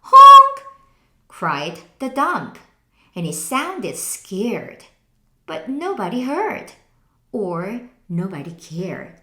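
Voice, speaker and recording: A woman teacher reading a picture book aloud slowly, in an expressive sing-song way. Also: mid-range voice, reverberant. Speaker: English teacher.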